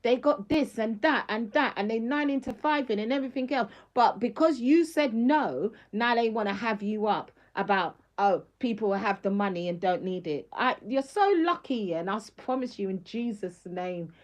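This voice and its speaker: A woman's voice: on the high side, animated, normal speed, hardly any pauses. Emphatic middle-aged woman streaming live. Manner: emphatic, laughs often, slangy. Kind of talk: casual live-stream talk.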